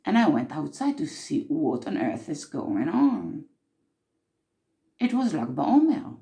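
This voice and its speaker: A woman's voice: deep voice, big pitch swings, takes it slowly, creaky, dark tone, full character voice. A woman playing an earnest mystic who tells of time slips in an improvised monologue, intense and repeating herself for emphasis.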